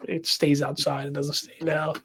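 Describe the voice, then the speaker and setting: Guy hosting a podcast from his shed, laid back, lots of short replies, kinda flat voice. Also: a little high, normal speed, creaky. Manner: relaxed, laughing, short backchannels. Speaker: podcast host. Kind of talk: casual chat.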